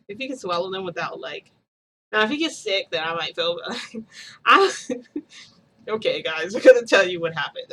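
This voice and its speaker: Woman vlogger, casual storytelling, bright and forceful tone, rambly with fillers, faint noise underneath. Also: on the low side, low-quality recording. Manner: rambling, laughs often, many fillers.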